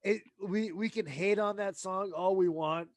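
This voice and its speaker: A man's voice: high-pitched, unhurried, over a noisy crowd. A man hosting a casual chat, laughing easily and hesitating as he picks. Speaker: host.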